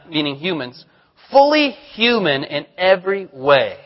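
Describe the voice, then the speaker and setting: High-voiced pastor preaching in a reverberant hall. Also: male voice, sing-song, a little slow, highs cut off. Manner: candid storytelling with self-deprecating humor. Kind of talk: sermon. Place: church sanctuary.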